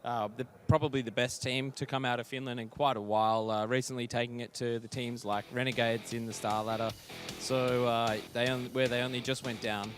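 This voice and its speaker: A man's voice: medium pitch, level tone, a little fast. A man doing blunt, joking live esports commentary and analysis. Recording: faint music behind.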